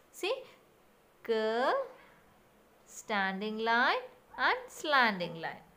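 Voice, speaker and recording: A woman's voice: on the high side, sing-song, slow pace, a bit bright. A woman teacher giving a recorded lesson for young children and repeating sounds and steps in a sing-song way.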